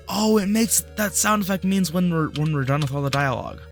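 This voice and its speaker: A man casually commenting on a game he is playing, reacting out loud and reading the on-screen dialogue as he goes. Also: high-pitched, expressive, soft background music. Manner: chatty, reacts out loud with quick asides. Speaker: gameplay commentator.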